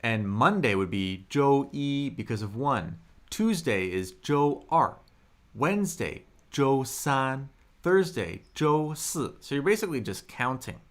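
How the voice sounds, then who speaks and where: A young man teaching a live online language lesson, upbeat, reading the chat aloud and modelling tones slowly and loudly. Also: medium pitch, big pitch swings. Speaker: Mandarin teacher on a livestream.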